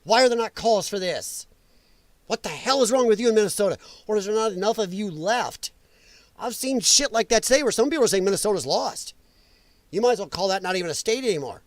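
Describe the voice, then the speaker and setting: Brief: male show host, high voice that swings wildly, sarcastic and worked up, dry close sound. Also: lively intonation, fast talker, dry recording. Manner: heated, sarcastic, mocking. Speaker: political commentary host. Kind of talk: livestream rant.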